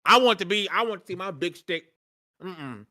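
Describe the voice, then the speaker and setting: Bright-voiced man ranting about a game. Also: high-pitched, animated, moderate pace. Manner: emphatic, repeats himself when ranting. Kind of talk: casual gaming chat.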